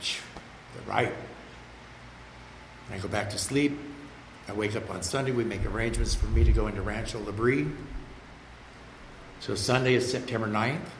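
An older man earnestly telling a personal story about getting sober, in a conversational way, sometimes repeating words. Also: lowish voice. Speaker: storyteller sharing his recovery story. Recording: roomy with faint background noise.

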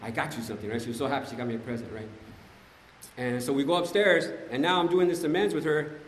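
At a recovery meeting, a man with a somewhat high voice shares his personal testimony fast, in an animated, slangy storytelling style. He often addresses the room, and a long hall reverb surrounds him.

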